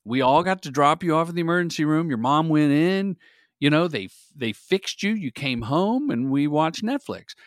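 Energetic middle-aged man telling stories. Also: a little high, normal speed, no room sound, studio quality. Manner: energetic, animated storyteller. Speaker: guest, filmmaker. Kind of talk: casual interview storytelling.

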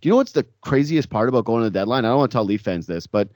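Male sports podcast co-host, mid-pitched, rambling and animated, dry studio sound. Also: racing, dry recording. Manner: rambling, animated, frequent filler words. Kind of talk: casual sports chat.

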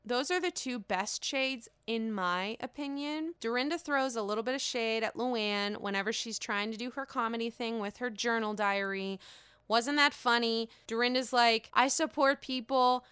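A woman chats through her solo podcast in a gossipy, playful way and swears freely. Her voice sits fairly high and sounds bright and crisp. The sound is close and dry, with no room echo. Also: moderate pace, few pauses. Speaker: podcast host. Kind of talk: casual solo podcast recap.

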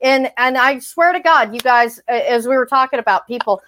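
A woman's voice: high voice, fairly quick, fairly bright tone. A woman co-hosting a fan podcast, delivering a heated, sarcastic, profane rant. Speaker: podcast co-host. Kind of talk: ranting fan podcast chat.

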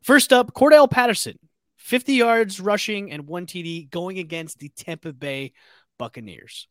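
Higher-voiced man hosting a sports chat. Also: a bit bright, no room sound, clean studio sound. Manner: runs segments, quick okays and all rights. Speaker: podcast host.

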